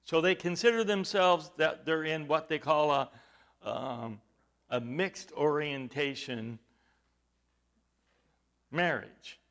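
A man preaching a sermon, halting with fillers at times and then rising to loud, stressed points. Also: a little high.

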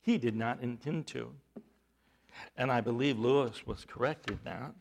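A man preaching a sermon, emphatic, with rhetorical questions and swings between loud and hushed delivery. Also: medium pitch, moderate pace, gravelly.

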